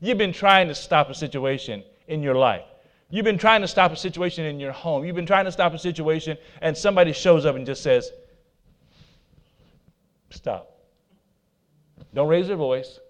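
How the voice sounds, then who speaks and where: Emphatic preacher, somewhat high man's voice. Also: a little fast. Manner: emphatic preaching with swings between loud declarations and quiet asides; laughs at himself, talks to the congregation. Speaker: pastor. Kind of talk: sermon.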